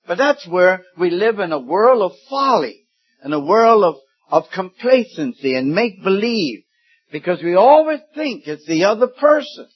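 A man in his seventies preaching a sermon, slow and deliberate, rising suddenly into loud emphatic peaks. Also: sits high, sing-song, husky. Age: 70s. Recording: dull lo-fi sermon recording.

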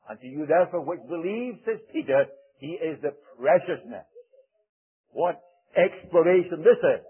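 A man preaching a sermon in a solemn manner, quoting archaic scripture with dramatic pauses. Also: fairly high pitch, breathy edge. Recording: tinny phone-like recording.

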